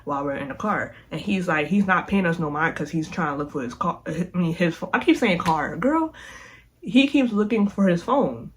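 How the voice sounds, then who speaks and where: A young woman vlogger telling a storytime in a chatty, animated way, speaking straight to her viewers. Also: lowish voice, normal speed, slight background noise. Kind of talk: casual storytime.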